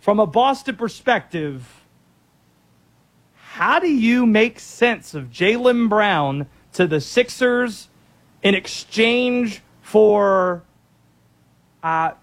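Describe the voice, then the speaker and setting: A man's voice: high voice, animated, slow pace. A man co-hosting a sports talk radio show, teasing his partner and steering into the next topic. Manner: wry, teasing, sets up segues.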